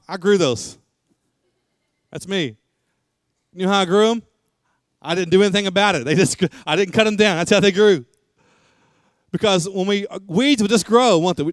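A man's voice: a little high, clear, resonant tone, no room sound, studio quality. A middle-aged man, a pastor, preaching a sermon and repeating lines for emphasis.

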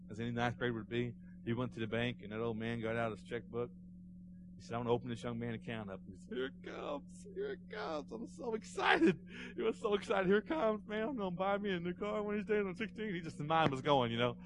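A pastor delivering a Sunday sermon in a church, telling a story with rising fervor and then dropping to a hushed close. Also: male voice, mid-range voice, noisy background. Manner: storytelling, swelling to fervent emphasis then hushed prayer. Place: church sanctuary.

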